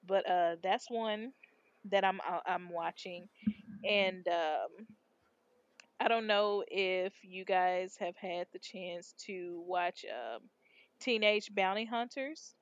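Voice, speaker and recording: A woman's voice: fairly low pitch, slow pace, no room sound, dull audio. A woman co-hosting a casual podcast chat, retelling shows in a slangy, laid-back way with lots of fillers. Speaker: podcast co-host.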